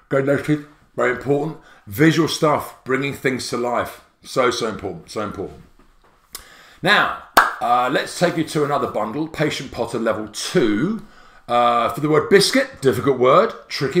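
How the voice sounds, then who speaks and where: A man walking teachers through a spelling app, excitable and theatrical, with a jokey streak. His pitch leaps around a lot. The room around him rings with echo. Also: moderate pace, faint music behind. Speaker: app creator and teacher presenter. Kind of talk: tutorial presentation.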